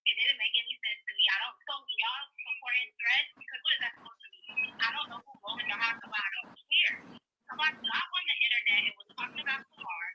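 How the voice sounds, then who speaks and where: A woman's voice: fairly high pitch, quick pace, bright, forceful tone, slightly rough. A woman calling in to a talk show, heated and insistent, heard through a phone. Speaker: caller. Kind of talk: phone call-in. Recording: dull phone line.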